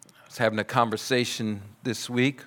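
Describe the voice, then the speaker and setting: A man preaching a sermon, telling a story in a measured way and dropping to soft, quiet passages. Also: mid-range voice, level tone. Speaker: pastor.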